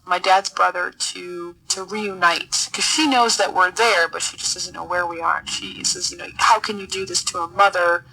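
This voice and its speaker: Earnest woman with a gravelly edge. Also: mid-range voice, bright, forceful tone, rough recording. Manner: earnest, halting, repeats words while searching for them. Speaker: podcast guest, military officer. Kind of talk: personal storytelling in an interview.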